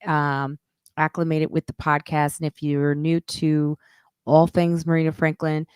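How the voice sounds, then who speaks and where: Woman podcast host, middle-aged, chatty and loose, low-pitched smooth voice, dry close sound. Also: no echo. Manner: chatty, loose, swears casually. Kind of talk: casual live-stream chat.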